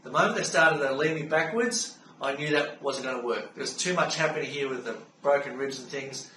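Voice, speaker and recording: A middle-aged Australian man calmly recounting a personal story in an unhurried way, with frequent fillers. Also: medium pitch. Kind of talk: personal spoken testimony. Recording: roomy sound from a distance with faint background hum.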